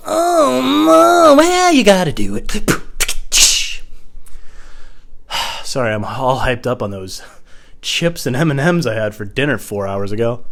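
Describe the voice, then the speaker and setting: A young man doing a rambling, crude, self-mocking comedy monologue at home, jumping into silly high voices. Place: home room.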